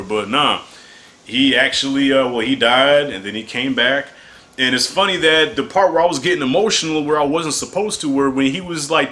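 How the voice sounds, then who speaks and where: Bright-voiced laid-back man reviewing movies. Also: medium pitch. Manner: laid-back, slangy and chatty, often chuckling. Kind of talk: casual spoken movie review.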